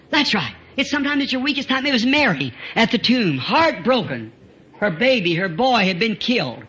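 Brief: high, bright-toned male preacher, fervent and shouting at peaks, heard on a muffled old tape. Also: very animated, moderate pace. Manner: fervent, rising to shouts, chuckling between phrases. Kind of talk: revival sermon.

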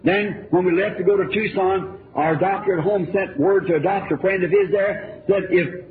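A man preaches in an earnest, rambling, folksy manner, his voice sitting a little high. The recording is a tinny, narrow old tape with a faint hiss underneath. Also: steady tone, moderate pace. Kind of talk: storytelling sermon.

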